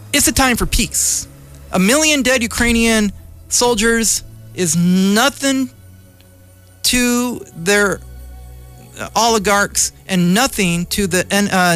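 A high-pitched man behind a community radio mic, working through a heated, rambling opinion monologue. He argues, circles back and presses his points. Soft music plays faintly underneath. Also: clean tone. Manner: impassioned, rambling, argumentative. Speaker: radio show host.

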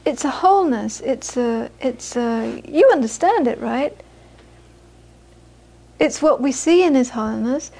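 A woman teaches as a Buddhist teacher, her voice bright and high. She tells anecdotes with animated quoted voices and drops to a soft, hushed tone for reflection. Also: unhurried, creaky. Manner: storytelling, animated when quoting, soft and hushed on inner peace. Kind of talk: dharma talk with anecdotes.

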